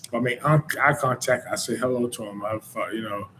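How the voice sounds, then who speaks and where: A man's voice: medium pitch, a little fast, bright, forceful tone, slight background noise, low-quality recording. Rambling Southern man from North Carolina. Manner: rambling, with constant "you know" and "man"; informal Southern speech. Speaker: podcast host. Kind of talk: casual monologue.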